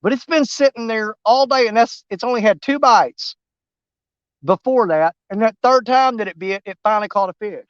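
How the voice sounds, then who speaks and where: A man's voice: high-pitched, moderate pace, clear, resonant tone, dry recording, dull audio. A man, live-streaming from a riverbank while fishing. He rambles to his viewers in a folksy, easygoing way and is winded. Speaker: fishing vlogger. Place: outdoors at a riverbank.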